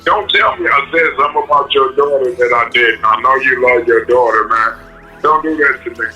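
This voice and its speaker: A man's voice: mid-range voice, normal speed, sharp tone, reverberant, dull audio, soft background music. A man in a heated livestream argument, crying and pleading, repeating himself again and again. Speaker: livestream guest.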